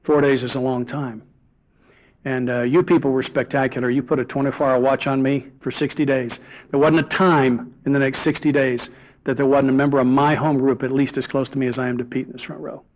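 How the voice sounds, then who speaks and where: A man's voice: medium pitch, little pitch movement, a little fast. A middle-aged man giving a personal testimony at a recovery meeting, earnest and confessional, bantering with the audience in the room. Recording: dull lo-fi tape recording.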